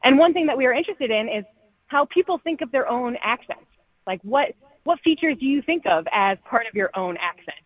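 A woman's voice: sits high, animated, a little fast, husky, dry recording. Woman professor on a tinny phone line. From Michigan. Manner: explanatory, demonstrating vowel sounds. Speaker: linguistics professor, guest. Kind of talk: radio interview by phone.

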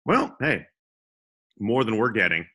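A man's voice: lowish voice, very animated, a little slow, bright, forceful tone, husky. A young man co-hosting a comedy podcast, joking around and slipping into silly voices. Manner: goofy, puts on silly voices. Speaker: podcast co-host.

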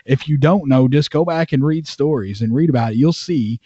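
Mellow-voiced man, halting podcast talk. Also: mid-range voice, breathy edge, no room sound, muffled recording. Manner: halting, heavy on "you know" fillers. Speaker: podcast co-host. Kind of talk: casual sports podcast chat.

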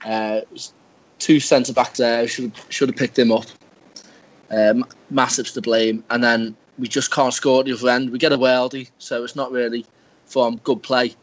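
A man's voice: mid-range voice, highs cut off. A man on a casual football podcast, sounding exasperated but trying to stay upbeat, often saying "mate". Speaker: podcast regular.

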